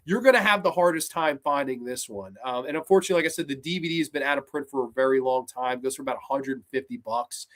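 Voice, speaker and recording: A man hosting a horror show, reviewing films in an excited, rambling, profane way. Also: mid-range voice, fast talker, hardly any pauses. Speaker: horror podcast host. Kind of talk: casual film review.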